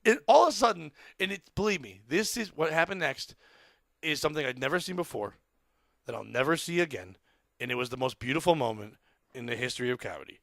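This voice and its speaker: An excitable man with a high, gravelly voice tells a wild story on a podcast, swearing freely and yelping out the crowd's screams. His tone is bright and edgy, and the sound is close and dry with no room around it. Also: fast talker, dry recording. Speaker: comedian telling a story on a podcast. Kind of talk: animated storytelling.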